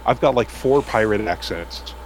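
A man with a lowish voice talks casually about running tabletop games. His delivery is animated, laughing often and slowing down for emphasis. A faint hiss of noise sits under the recording. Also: rough recording. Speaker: game master on a podcast panel. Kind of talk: casual chat.

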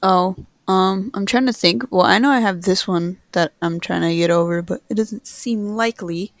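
A woman's voice: mid-range voice, moderate pace, no room sound. A young woman in casual chat with friends, blunt and joking, swearing freely.

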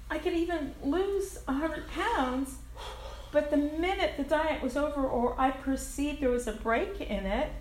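A woman's voice: high voice, slight background noise. An older woman sharing her recovery story at a meeting, candid and frank, swearing casually and laughing at herself. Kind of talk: personal recovery share. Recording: echoey room with faint ambience.

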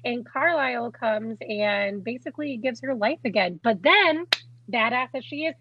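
A woman's voice: on the high side, lively intonation, moderate pace, husky, no room sound, highs cut off. A young woman co-hosting a podcast, chatting in a bubbly, giggly way with lots of "like". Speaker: podcast co-host. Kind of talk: casual chat.

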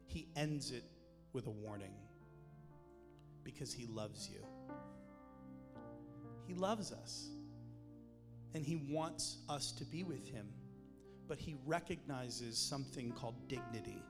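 A man's voice: medium pitch, lively intonation, slow, long pauses. A man preaching a sermon in a conversational way, with jokes and emphatic points. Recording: long hall reverb with music behind.

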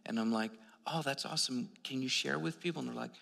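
A man's voice: medium pitch, quick pace, vocal fry, fairly bright tone. A man preaching a sermon, telling stories in a conversational way with many restarts. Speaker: pastor. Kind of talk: sermon with storytelling. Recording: long hall reverb.

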